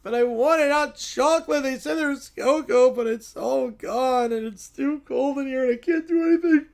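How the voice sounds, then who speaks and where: A man's voice: extremely high pitch, moderate pace, vocal fry, voice pushed up. A man voicing a whining, sulky preschool boy who complains about everything. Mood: whiny. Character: whiny crying little preschool boy.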